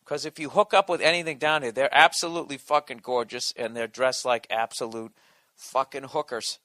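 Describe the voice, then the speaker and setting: A man's voice: mid-range voice, fairly even intonation, normal speed, bright, forceful tone, no room sound. A man, a comedian and podcast host, in a sarcastic, profane, exasperated ranting monologue.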